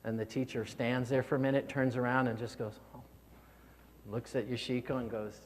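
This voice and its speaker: A man's voice: mid-range voice, level tone, moderate pace, slight background noise. A man giving a motivational keynote speech, earnest and prone to repeating words when stirred. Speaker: keynote speaker. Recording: long hall reverb.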